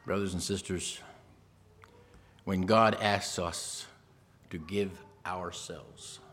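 A man's voice: deep voice, fairly even intonation, slow pace, a bit bright. A man preaching a sermon, emphatic, repeating phrases and speaking straight to the congregation.

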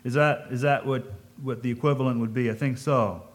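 A man's voice: medium pitch, steady tone, brisk. A man giving a conversational sermon, thinking aloud, asking his listeners questions and reading scripture in old-fashioned wording. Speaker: preacher.

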